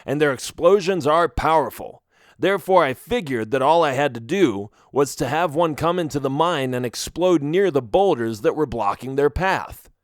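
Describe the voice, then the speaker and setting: An eager, upbeat young miner lad, voiced by a man reading an audiobook. The voice sits a touch high and swings widely in pitch. It is recorded close and dry. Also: expressive, moderate pace, no echo, lightly acted. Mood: storytelling. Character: bold young male miner friend, eager. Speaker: audiobook reader. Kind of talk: audiobook character voice.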